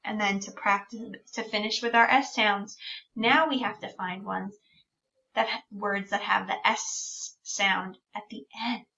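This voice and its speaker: Woman teacher, speech-sound lesson for small kids, very slow, sounds out words, dull distant recording. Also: mid-range voice, fairly even intonation, vocal fry, sharp tone.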